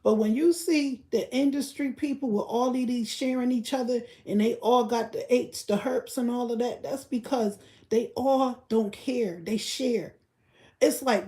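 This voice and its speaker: A woman's voice: a little high, mellow, roomy sound. A woman hosting a casual livestream rant in a blunt, profane way, talking straight to her chat viewers. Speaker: livestream host.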